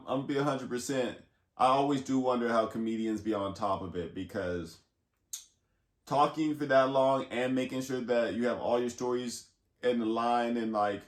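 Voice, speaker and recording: A man hosting a reaction video, chatting casually and speaking directly to his viewers. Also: mid-range voice. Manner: chatty, asks viewers to comment. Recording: roomy echo.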